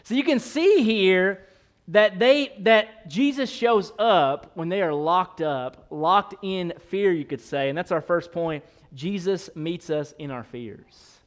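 A male pastor delivers a lively, joking sermon, often speeding up and then slowing down for emphasis. His voice sits high for a man. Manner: animated, playful, shifting pace.

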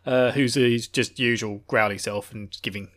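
Bright-voiced guy chatting thru a book recap, playful and laughing a lot. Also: mid-range voice, moderate pace. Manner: animated, laughing, playful storytelling. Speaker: book discussion host.

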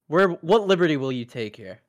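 Animated, laughing podcast co-host, man. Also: fairly high pitch, a little fast, lo-fi sound. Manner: laughs often, swears, playful. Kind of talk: casual chat.

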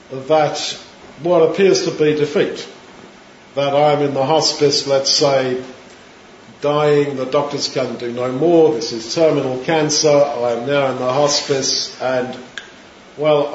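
A man preaching a sermon, retelling scripture in a lively storytelling manner, in an echoey room with dull sound. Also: fairly high pitch, a little hiss or hum. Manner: animated storytelling, retelling scripture in his own words.

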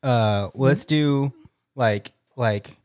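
A man's voice: medium pitch, extremely slow, darkish tone, no echo, clean studio sound. A young man hosting a podcast, rambling through a casual chat with lots of fillers. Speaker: podcast host.

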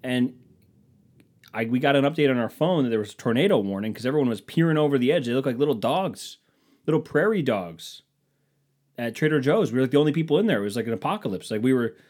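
A man's voice: mid-range voice, lively intonation, fast, darkish tone. A man telling stories in a casual monologue, sardonic and profane, mimicking people in mocking voices.

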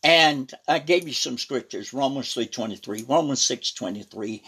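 A man preaching a sermon, reading scripture and breaking in with "praise God" and "hallelujah" as his voice swings between loud and soft. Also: mid-range voice, lively intonation, normal speed, breathy edge. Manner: reads scripture aloud with preaching emphasis.

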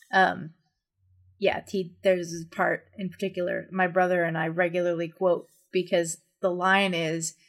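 A woman's voice: fairly low pitch, level tone, a little slow. A woman co-hosting a podcast, chatting casually, often laughing and quoting lines. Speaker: podcast co-host. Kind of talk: casual chat.

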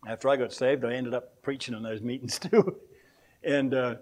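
A man's voice: medium pitch, fairly even intonation, moderate pace, a little mellow. Older Australian man, accent worn down by years in the States, rambling church storyteller who chuckles a lot. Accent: Australian, softened by years in America. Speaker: preacher. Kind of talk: anecdotal sermon.

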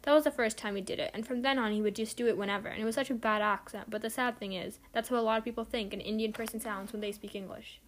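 A woman's voice: a little high, steady tone, fast, few pauses, slight background noise, poor audio. A teenage girl hosting a book review podcast, talking in a chatty, earnest way. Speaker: podcast host.

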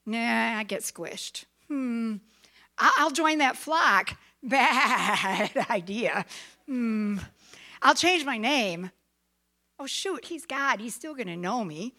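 Lady doing jonah, whiny scared guy, bright voice, slow and sing-songy. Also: a little high, expressive, exaggerated voice. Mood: scheming. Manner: whiny, comic, sing-song. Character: reluctant, panicky biblical man Jonah. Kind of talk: children's storytelling.

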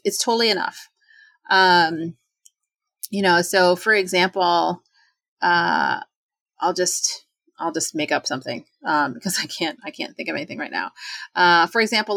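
A woman in her forties in casual talk, chatty and animated, acting out quoted voices with sudden jumps in pitch. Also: dry recording. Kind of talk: casual talk on self-doubt.

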